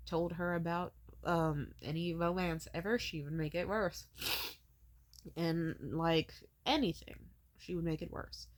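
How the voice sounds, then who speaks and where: Blunt, profane woman ranting. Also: unhurried. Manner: wide pitch swings when animated. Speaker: vlogger. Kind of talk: storytelling rant.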